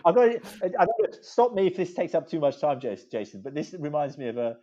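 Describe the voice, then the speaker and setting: An English man in his fifties, a law firm managing partner telling anecdotes as a podcast guest, animated and digressive with many restarts. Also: on the high side, fast. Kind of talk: anecdotal storytelling in conversation. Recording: dull lo-fi sound.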